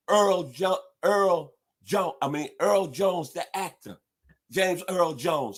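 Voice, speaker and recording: A middle-aged man hosting a sports talk show, hyping teams in an animated, preacher-like way. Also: high voice, slow pace. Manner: animated, preacher-like hype with loud hog calls.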